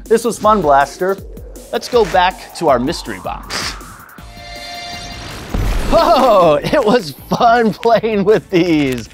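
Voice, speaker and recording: Lively kids' show host man. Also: sits high, slow, pauses often, soft background music. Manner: excited, exaggerated, speaks to young viewers. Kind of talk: upbeat kids' educational presenting.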